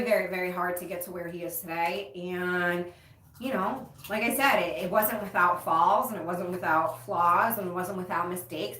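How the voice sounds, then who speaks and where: Slow-talking emotional woman in an echoey room. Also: mid-range voice, fairly bright tone, a little hiss or hum. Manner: emotional, frank, swears casually. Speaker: livestream host, recovery coach. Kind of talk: casual livestream chat to viewers. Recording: roomy echo, distant mic.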